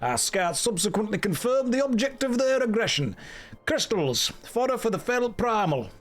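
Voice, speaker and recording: A man voicing a high-pitched military officer in a game cutscene, squeaky and sing-song. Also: big pitch swings, moderate pace. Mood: earnest.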